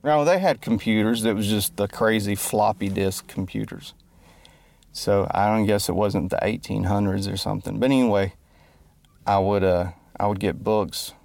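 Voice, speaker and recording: A man's voice: fairly low pitch, moderate pace, vocal fry, a little mellow, no room sound. A man who calls himself a musician and entertainer rambles through a joking, self-deprecating monologue and keeps losing his train of thought. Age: adult, grew up before the internet. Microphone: close mic.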